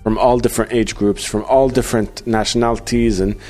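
A man hosting a podcast in casual chat, halting with many fillers and restarts. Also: mid-range voice, steady tone, dark tone, soft background music. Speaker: podcast host.

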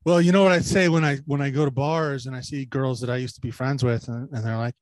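A man's voice: mid-range voice, steady tone, quick pace, no echo. A man co-hosting a crude podcast, telling rambling, profane stories and mimicking people he quotes. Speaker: podcast co-host. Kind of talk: crude casual chat.

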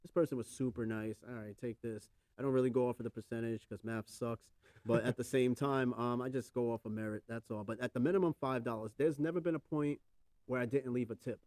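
A male podcast host talking quickly in a loose, profane, rambling way. His voice is dark and mellow, and the recording is dry and close. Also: medium pitch, dry recording. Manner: casual, profane, rambling with fillers. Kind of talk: casual chat.

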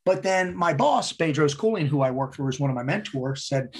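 Speaking a little fast in a slightly high voice, this podcast guest is blunt and swears heavily in casual interview conversation. He's emphatic, driving his points home by repeating words.

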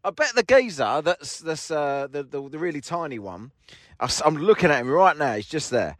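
A man tells a story in a lively, swooping voice, mocking and full of swearing as he acts out both sides of a quarrel. He sits in his parked car, and the sound is close and dry. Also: a little high, normal speed, no room sound. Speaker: podcast host. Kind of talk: casual storytelling monologue.

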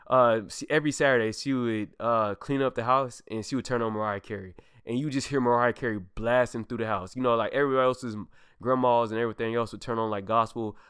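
A man's voice: medium pitch, fast talker, fairly bright tone, clear, resonant tone, no room sound, studio quality. A young man hosting a podcast, telling heartfelt personal stories in a casual, emphatic way with loose slang, acting out quoted lines. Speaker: podcast host.

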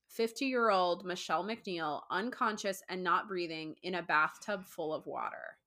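A woman hosts a true crime podcast in easy, casual talk. Her voice is bright and forward. She tells the case with animated outrage and curses often. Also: lowish voice, measured pace. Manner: animated, swearing, mimics people in quotes.

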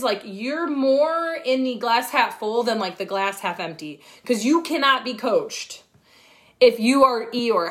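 A woman's voice: a little high, lively intonation, unhurried, a bit bright. A woman coaching her team on a livestream from her phone, talking in a blunt, profane, fired-up way. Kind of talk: livestream pep talk.

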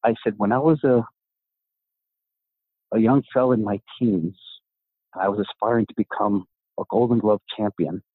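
A middle-aged man from New York tells a story in a podcast interview and acts out the voices of the people in it. His voice is low and husky. The sound is dry and thin, like a phone line. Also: normal speed, pauses often, no echo. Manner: animated storyteller, acts out quoted dialogue. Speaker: guest, author and gym owner.

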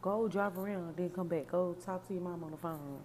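A woman hosting a podcast, giving sassy, animated, profane commentary on song lyrics. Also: on the low side, fairly quick, a little hiss or hum. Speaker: podcast host.

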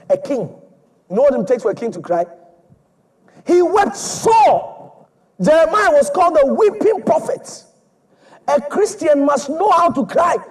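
Man preaching a sermon, high voice, lively pitch, emphatic and repetitive. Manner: emphatic and repetitive, swinging from loud to soft.

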